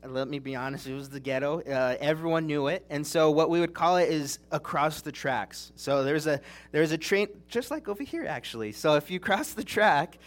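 A young man delivers a sermon in an earnest, chatty storytelling manner, and his voice sits a little higher than most men's. He is from Southern California. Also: moderate pace. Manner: earnest, conversational storytelling with restarts. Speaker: preacher.

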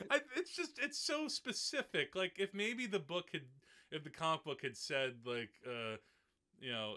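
A man's voice: on the high side, expressive, a little slow, pushed and bright, slight background noise. A male podcast host in a casual film discussion, talking in a chatty way with many fillers and frequent laughs.

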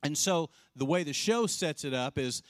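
A man preaching a sermon as pastor, telling a story with lively acted-out quotes and dropping soft and slow to drive points home. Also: a little high, no echo, clean studio sound. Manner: animated storyteller, acts out quoted voices; drops soft and slow for emphasis.

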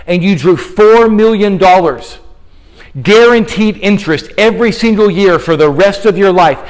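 A man preaching a fervent sermon in a church, slowing down dramatically on key lines and working up a sweat. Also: sits high, rough recording. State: sweating, exerting himself. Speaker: guest preacher. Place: church sanctuary.

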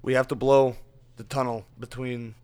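A rattled dwarven king , played by a man, speaks in urgent, halting bursts with a smooth, clear tone, close to the performer's own voice. His words stop and restart as he thinks aloud. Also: mid-range voice, little pitch movement, darkish tone, lightly acted. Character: worried dwarven king facing a crisis.

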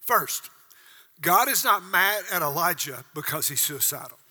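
Older male pastor, 60s, high bright husky voice, dramatic sermon delivery, long church-hall reverb. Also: animated, measured pace. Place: church auditorium.

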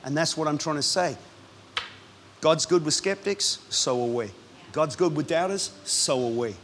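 A man, a pastor, preaching a sermon in a lively, punchy way with quick asides. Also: on the high side, a little hiss or hum.

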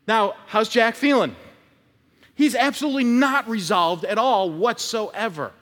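A man's voice: sits high, a little slow, fairly bright tone. A male pastor preaching a conversational sermon, telling stories and acting out short quotes. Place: church sanctuary. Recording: long church reverb.

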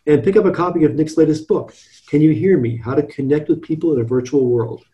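A man's voice: a little high, fast talker, muffled recording. A male host wrapping up an interview, speaking in a friendly, recommending way to his audience.

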